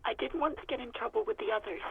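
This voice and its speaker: A woman's voice: fairly high pitch, rapid-fire, gravelly, phone-quality sound, slight background noise. A woman voicing a weary young former hotel clerk who talks bluntly and with exasperation. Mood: exasperated.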